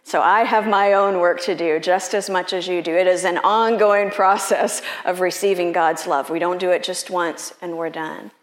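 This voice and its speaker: A woman pastor preaching a sermon in an unhurried, conversational and personal way. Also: fairly low pitch, steady tone, roomy sound.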